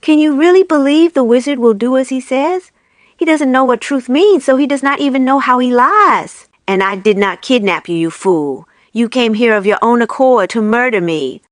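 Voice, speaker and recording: A woman's voice: sits high, expressive, moderate pace, no echo, voice pushed up. Casting: woman playing a paranoid, bitter witch, accusing and intense, dry close reading.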